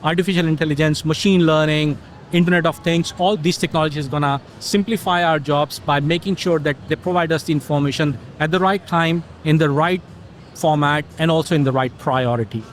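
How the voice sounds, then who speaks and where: Higher-voiced middle-aged man explaining. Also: steady tone, brisk, slight background noise. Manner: explanatory, tells stories with quoted dialogue. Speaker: interview guest, technology consultant. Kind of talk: casual conversational interview.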